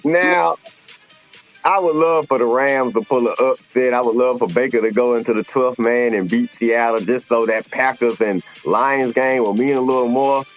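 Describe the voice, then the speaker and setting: A man co-hosting a casual sports talk show, animated and opinionated, with slangy phrasing. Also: mid-range voice, moderate pace, soft background music. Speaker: co-host.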